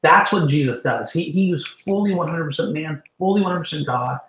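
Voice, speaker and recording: A man, a guest minister, telling a story with animated emphasis and acting out the voices of the people in it. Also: on the high side, fairly quick, roomy sound, rough recording. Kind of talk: storytelling in a faith talk show.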